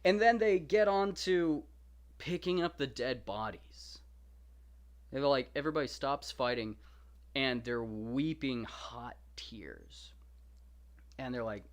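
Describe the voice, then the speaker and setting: A man's voice: mid-range voice, slow pace, pauses often. A young man hosting a show, casually and playfully retelling and commenting on an ancient epic, slipping into slangy voices for the characters. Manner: animated, jokey, paraphrases characters in slangy quoted voices. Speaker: podcast host reading and discussing a classic epic.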